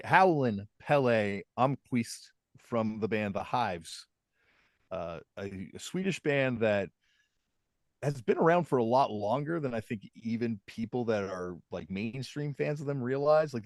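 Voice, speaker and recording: Laid-back low-voiced man chatting. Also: no room sound, studio quality. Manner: laid-back storytelling with frequent fillers. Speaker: podcast co-host. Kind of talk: casual chat.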